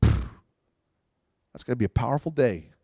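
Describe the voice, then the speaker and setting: A man's voice: medium pitch, lively intonation, normal speed, darkish tone, no room sound, studio quality. A man preaching a conversational sermon, earnest, and acting out quotes and little prayers as he goes. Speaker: pastor.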